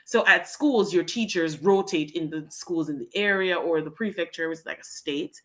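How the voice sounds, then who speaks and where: A woman's voice: fairly low pitch, moderate pace. A young woman from Jamaica, a guest telling a heartfelt personal story about teaching English in Japan. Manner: earnest and heartfelt, talks in long winding sentences. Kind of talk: candid personal storytelling in a podcast interview.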